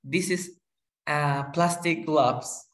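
A man teaching a one-on-one lesson, patiently saying each word slowly and repeating it. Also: a little high, fairly bright tone. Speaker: English tutor.

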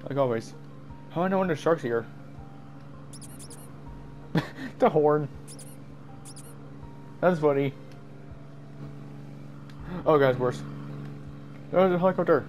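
Brief: male gamer, higher voice, nervous and excitable, faint music under the commentary. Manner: jumpy, screams and laughs at scares, self-mocking.

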